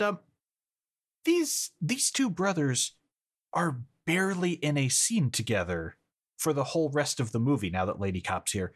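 A man co-hosting a podcast, recapping a movie in a sardonic, laugh-filled casual chat. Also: mid-range voice. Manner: lively, sardonic, laughs often. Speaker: podcast co-host.

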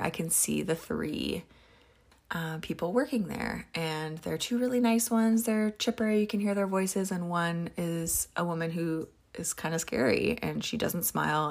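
A woman's voice: low voice, vocal fry. A woman from Canada chatting casually through a personal story, acting out her own thoughts. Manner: chatty, lots of fillers and acted-out inner thoughts.

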